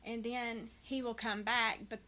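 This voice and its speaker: Bright earnest mother talking openly. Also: fairly high pitch, little pitch movement, unhurried. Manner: earnest, rambling, many restarts. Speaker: guest. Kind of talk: candid personal conversation.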